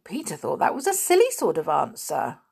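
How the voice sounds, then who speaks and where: A woman reading a children's storybook aloud as narrator, expressive and unhurried. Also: deep voice, vocal fry, slightly rough.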